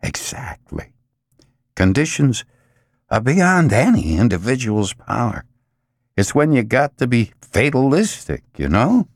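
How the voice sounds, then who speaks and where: A man doing a hoarse, croaking, blustering boss. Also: medium pitch, very animated, a little slow, no echo, clean studio sound, voice pushed up. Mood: gloomy ranting. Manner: blustering, gloomy, exasperated. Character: short round sweaty anxious male boss.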